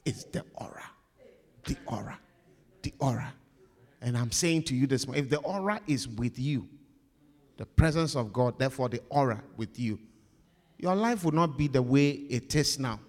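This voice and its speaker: A male pastor preaching a sermon, repeating his phrases and swinging between loud emphasis and hushed asides, recorded in a church hall. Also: medium pitch, expressive, moderate pace.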